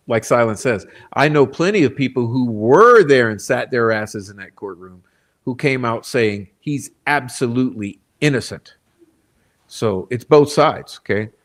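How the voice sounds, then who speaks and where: A man in mid-range pitch hosts a live stream, giving pointed commentary in a casual, emphatic way. He swears freely and keeps tagging his points with a quick "okay?". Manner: blunt and emphatic, often checks in with "okay?". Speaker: true crime channel host. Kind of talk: live-stream commentary reading and reacting to quotes.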